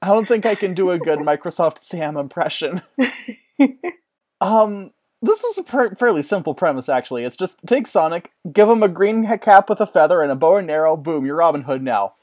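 Excitable rambling man chatting. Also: fairly high pitch, normal speed. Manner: excitable, rambling, laughs often. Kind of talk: casual chat.

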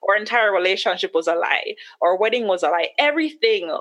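A woman's voice: mid-range voice, lively intonation, a bit bright. Candid woman telling a painful story. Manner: candid, emotional, quick asides. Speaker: podcast guest. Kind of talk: personal storytelling.

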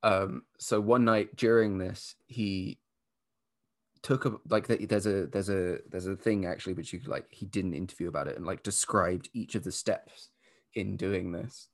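A man who is a podcast guest, explaining a story in casual chat, low-key and full of fillers. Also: fairly even intonation, normal speed.

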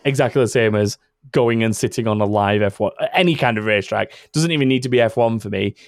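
Male podcast host, low gravelly voice, dry close mic, loose chatty delivery with frequent self-corrections. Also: fast talker, no echo. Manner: rambling, self-correcting, laughs often. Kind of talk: casual chat.

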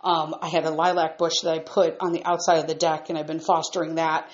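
A woman's voice: low-pitched, flat delivery, brisk, dull audio. A woman ranting at home in an exasperated, profane, emphatic way. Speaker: vlogger. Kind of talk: angry ranting monologue. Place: upstairs room at home.

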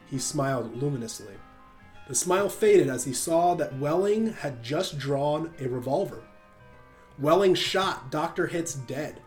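A man reads a short story aloud at a measured, even pace. His voice sits somewhat high for a man, and faint music plays in the background. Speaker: narrator. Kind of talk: storybook narration.

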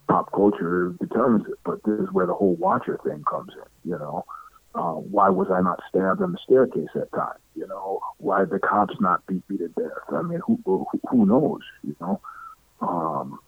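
Middle-aged male guest, animated storyteller with a swinging pitch who acts out other people's lines, dry close sound. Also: normal speed, vocal fry, slightly rough, dry recording. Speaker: interview guest. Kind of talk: casual storytelling. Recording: tinny phone-like line, dry.

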